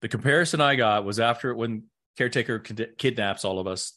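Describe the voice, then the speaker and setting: A man's voice: medium pitch, a little fast. A middle-aged man, an actor, telling stories in a casual interview and acting out the voices of people he quotes. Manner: animated, acts out quoted voices. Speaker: actor and guest.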